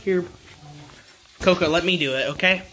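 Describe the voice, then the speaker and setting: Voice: mid-range voice, normal speed, background noise. A pet vlogger at home by the birdcages, coaxing the birds in casual, sing-song baby talk.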